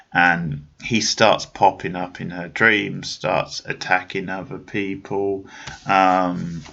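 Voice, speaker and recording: A man's voice: low-pitched, gravelly, pushed and bright, highs cut off. A man hosting a podcast, chatting casually about a film in a rambling way, with many restarts and fillers. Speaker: podcast host. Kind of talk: casual film review chat.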